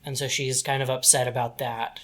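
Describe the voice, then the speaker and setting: A man's voice: medium pitch, level tone, fairly quick, a bit bright. A man co-hosting a podcast, tentatively suggesting story ideas. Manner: tentative, offers ideas with "maybe". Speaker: podcast co-host. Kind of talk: casual brainstorming chat.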